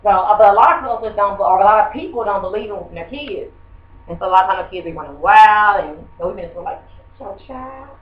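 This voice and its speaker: A woman's voice: medium pitch, fast. Woman teaching from across the room. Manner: rambling, conversational, quizzes the class. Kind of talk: classroom lesson. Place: classroom. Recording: muffled echoey room from far off.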